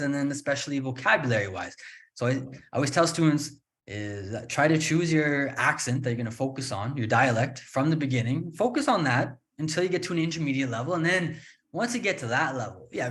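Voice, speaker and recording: A man from Canada hosting a relaxed interview, talking at an ordinary mid pitch. He is chatty and opinionated and jokes as he goes. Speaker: host and English teacher. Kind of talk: casual interview chat.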